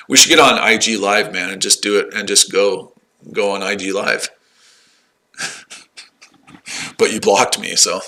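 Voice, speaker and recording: A man's voice: fairly low pitch, animated, normal speed, long pauses, pushed and bright. A man in his forties talking casually on a livestream, combative and taunting, repeating himself. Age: 40s. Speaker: livestream host.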